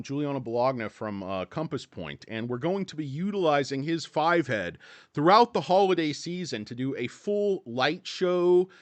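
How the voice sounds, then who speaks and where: A man's voice: mid-range voice, no echo. A man hosting a casual stock livestream from his office, rambling and joking with some profanity, his mouth dry and his voice cracking. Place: hot indoor office.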